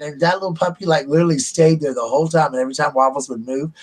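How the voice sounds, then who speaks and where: Man, husky voice, chatty vlogger who laughs at his own tales. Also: medium pitch, fairly even intonation, rapid-fire, hardly any pauses, low-quality recording. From United States. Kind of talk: casual storytelling.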